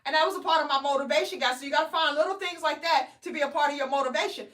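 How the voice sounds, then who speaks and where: A woman's voice: high voice, rapid-fire, fairly bright tone. A woman in her thirties live-streaming a motivational talk to her viewers, chatty and often checking in with "okay?" and "guys.". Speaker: weight loss vlogger. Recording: distant from the mic.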